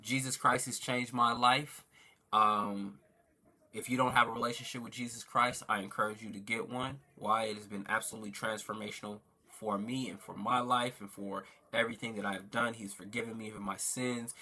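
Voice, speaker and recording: Bright-voiced earnest man on a livestream. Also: fairly low pitch, little pitch movement, moderate pace. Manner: earnest, thankful, preacherly. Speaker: livestream host. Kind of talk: casual livestream chat reading viewer comments.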